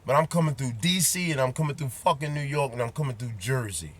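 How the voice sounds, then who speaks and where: A man's voice: mid-range voice, animated, fast. Man, truck driver, heated casual vlog rant, profane, blunt, talks straight to viewers. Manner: repeats points, addresses viewers directly.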